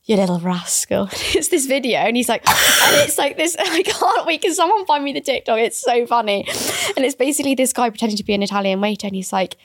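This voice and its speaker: A woman's voice: high-pitched, fast talker, hardly any pauses, fairly bright tone, dry recording, studio quality. A woman in her twenties co-hosting a podcast, chatty and giggly with rambling asides. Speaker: podcast co-host. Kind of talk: casual chat.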